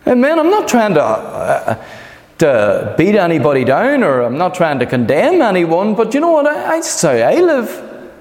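A man preaching a sermon as pastor, emphatic and animated, calling for amens from the congregation. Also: high voice, moderate pace. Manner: emphatic, animated preaching with repeated calls of amen. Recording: echoey hall reverb.

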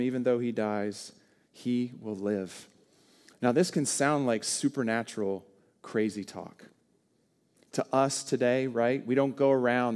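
A man preaching a sermon in an earnest voice. He swells louder on key words, then drops down soft. His pitch sits in the middle. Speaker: pastor.

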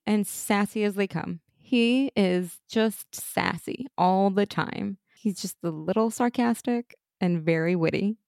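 An American woman co-hosts a casual podcast, talking at a middling pitch with eager enthusiasm. She laughs often and drops the odd swear. Her voice is recorded close and dry, with no room sound. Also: unhurried, creaky, hardly any pauses, darkish tone, no room sound. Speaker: podcast co-host. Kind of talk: casual chat.

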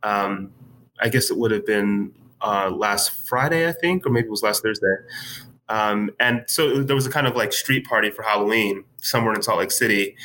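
A man talking as a guest in a casual interview, telling a story in a relaxed way with many fillers. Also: lowish voice, normal speed, low-quality recording. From United States. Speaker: writer, podcast guest.

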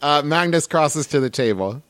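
A man's voice: on the high side, expressive, normal speed, fairly bright tone. A man playing a tabletop game, joking and teasing casually. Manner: joking, playful. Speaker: player. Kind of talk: casual chat.

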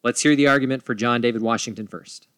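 A man's voice: medium pitch, steady tone, fast talker, a bit bright, dry recording. A man hosting and moderating a podcast debate, playful and theatrical as he announces. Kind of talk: casual moderating chat.

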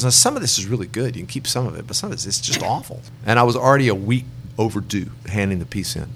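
A man's voice: fairly low pitch, fairly bright tone, slight background noise. A middle-aged man, a songwriter guest, telling long rambling anecdotes and acting out the people he quotes. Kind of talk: relaxed storytelling in an interview.

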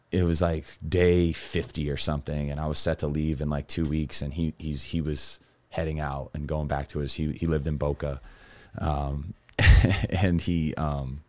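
A man's voice: extremely low pitch, fairly even intonation, moderate pace, darkish tone. A man telling his own story as a guest, rambling and candid, with lots of restarts and fillers. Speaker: guest recounting his recovery.

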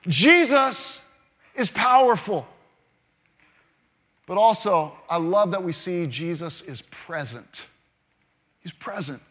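A man preaching a sermon with a high, bright voice. He drops low and quiet for tender points, then climbs into loud, emphatic repetition. His delivery is full of restarts and calls to the congregation. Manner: builds from hushed to loud, repeats phrases for emphasis. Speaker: pastor.

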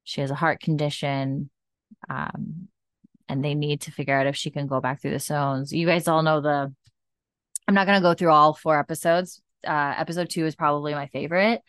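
Woman podcast host, low and smooth, effusive casual recap style. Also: fairly even intonation, moderate pace, a bit bright, no echo, clean studio sound. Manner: gushing, chatty, full of fillers.

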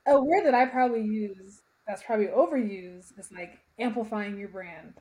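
A woman who founded a company, chatting as an interview guest, upbeat and quick to laugh. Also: medium pitch, dark tone, rough recording. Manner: cheerful, laughs often, upbeat. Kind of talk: casual interview chat.

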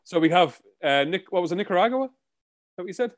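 A man's voice: high voice, expressive, fast. A young Irish man co-hosting a podcast in casual, jokey chat, laughing often and swearing freely. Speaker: podcast co-host.

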